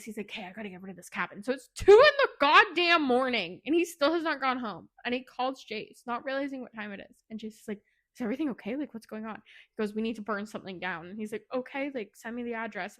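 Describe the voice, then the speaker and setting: Podcast co-host, woman, higher voice, quick sweary recap style. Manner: fast, animated retelling with swearing. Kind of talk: casual book recap.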